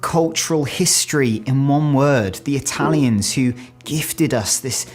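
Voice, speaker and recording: A chatty British man talking straight to camera, with a middle-pitched voice and faint music underneath. He pokes fun at himself and tells his story with animated ease. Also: unhurried, breathy edge. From United Kingdom. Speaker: video creator. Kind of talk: casual talking-head video.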